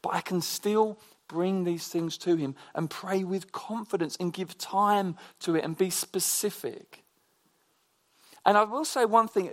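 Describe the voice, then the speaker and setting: A preacher gives a relaxed, conversational sermon built around personal stories, his voice pitched a bit higher than the typical man's. His storytelling is chatty and animated, and he frequently restarts sentences midway.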